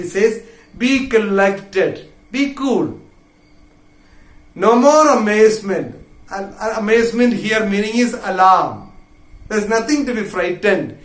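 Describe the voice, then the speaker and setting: A male teacher with a high voice goes through a play line by line at an unhurried pace. He restates each point several times in plain words, and his voice rings in a roomy echo. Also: a bit bright. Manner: repeats and paraphrases each point patiently. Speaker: English literature teacher.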